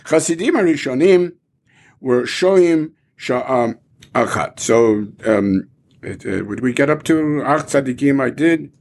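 A man's voice: medium pitch, expressive, slow, vocal fry, a little mellow, a little hiss or hum. A man teaching a Talmud class, explaining animatedly and asking rhetorical questions, with Hebrew terms mixed in.

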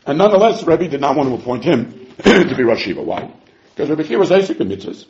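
A man teaching a Talmud class, animated and given to acting out the quotes. His voice is fairly high and swoops through a wide range. The recording sounds dull and lo-fi. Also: fast talker, a little hiss or hum. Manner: animated, acts out quotes, chuckles. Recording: muffled lo-fi recording.

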